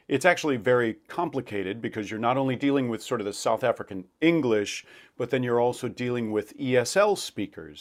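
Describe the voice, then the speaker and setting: A man working as a dialect coach for actors, explaining pronunciation and demonstrating sounds as he talks. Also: mid-range voice. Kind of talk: instructional talk to camera.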